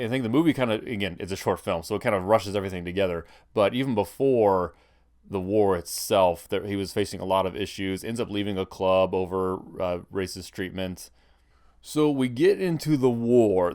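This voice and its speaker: A man's voice: on the low side, a little mellow. A man giving casual commentary on a history film, thinking aloud with frequent restarts. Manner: thinking aloud, many restarts and hedging fillers.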